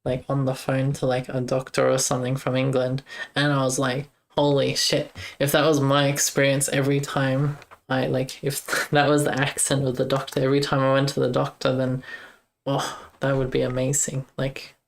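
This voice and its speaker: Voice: mid-range voice, monotone, moderate pace, creaky. A young adult, live-streaming game development and chatting casually with viewers while thinking aloud over code.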